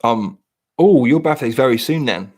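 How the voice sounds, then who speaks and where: A man's voice: medium pitch, lively intonation, moderate pace, darkish tone. A British man in his late thirties to forties, chatting casually and ramblingly to his live stream viewers, self-deprecating. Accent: British English.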